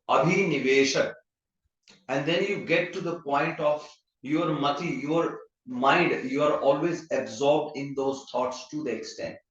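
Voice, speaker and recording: A man's voice: medium pitch, fairly bright tone. A man giving a conversational scripture class, telling stories and mixing Sanskrit terms into plain talk. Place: temple hall. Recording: echoey hall, muffled sound.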